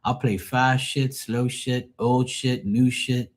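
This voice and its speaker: A man's voice: medium pitch, takes it slowly. Foul-mouthed man telling stories. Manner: profane, animated, mimics people. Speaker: tarot reader and streamer. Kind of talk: casual storytelling on a livestream.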